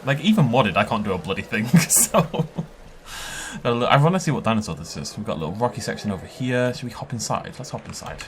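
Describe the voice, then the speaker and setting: A man giving an excitable, chatty tour of a park built in a game, laughing often as he goes. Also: medium pitch, fairly quick, slight background noise. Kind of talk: casual gameplay commentary.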